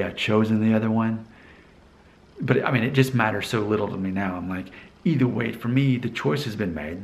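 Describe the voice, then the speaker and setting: Low-voiced rambling man vlogging. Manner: rambling, self-correcting, chuckles often. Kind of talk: casual personal monologue.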